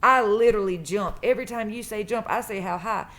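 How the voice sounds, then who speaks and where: A woman's voice: medium pitch, fairly quick, a bit bright. Woman, mid-range voice, emphatic casual storyteller. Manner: emphatic, repeats phrases for stress. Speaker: true crime vlogger.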